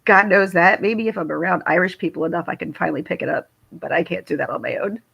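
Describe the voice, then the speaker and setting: A woman's voice: on the low side, fast, vocal fry, fairly bright tone, slightly rough, muffled recording. A middle-aged woman with a Philadelphia accent, chatting casually on a livestream and answering viewer comments. She is chatty, laughs often, and trails off and restarts. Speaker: livestream host. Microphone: phone or webcam livestream.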